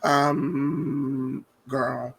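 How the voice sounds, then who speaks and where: A man's voice: mid-range voice, flat delivery, very slow, creaky, fairly bright tone, breathy edge. A man co-hosting a casual podcast, chatty and hesitant, with frequent fillers. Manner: hesitant, lots of ums, chatty. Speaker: podcast co-host.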